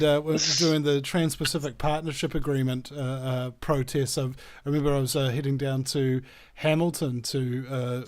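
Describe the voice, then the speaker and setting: A man's voice: mid-range voice, a little mellow. A man hosting a radio chat, telling rambling, jokey stories with many fillers. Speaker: radio show host. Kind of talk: casual radio chat, storytelling.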